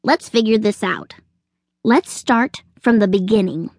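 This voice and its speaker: A woman voicing a calm, thoughtful little girl chick who asks patient questions in a storybook. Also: medium pitch, a little slow, gravelly, dry recording, clean studio sound. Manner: gentle, patient.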